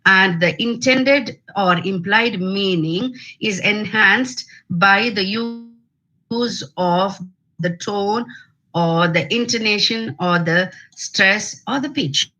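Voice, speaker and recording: Over a video call with poor audio, a woman with an Indian English accent delivers an academic lecture on phonetics. Her medium-pitched voice has a sharp tone, and she speaks deliberately, full of fillers and restarts.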